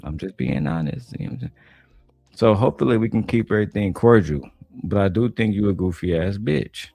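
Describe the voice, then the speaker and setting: A man from Detroit streams and reacts, ranting bluntly and swearing often in an animated, fairly quick way. His deep, dark voice has vocal fry and sounds close and dry with no room sound, while faint music plays far in the background.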